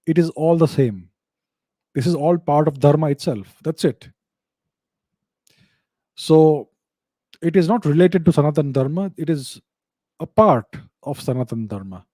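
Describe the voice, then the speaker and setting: A man's voice: on the high side, mellow, no room sound. A middle-aged man, hosting a live question-and-answer stream and explaining points emphatically with frequent hesitations. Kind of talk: live Q&A talk.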